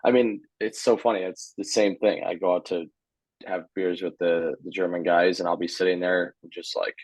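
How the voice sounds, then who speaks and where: A man's voice: low voice, moderate pace, no echo, poor audio. A young man in his twenties, a guest on a podcast, speaking casually and a little hesitantly. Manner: relaxed, hesitant with fillers, chuckling. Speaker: guest, hockey player. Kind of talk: casual interview chat.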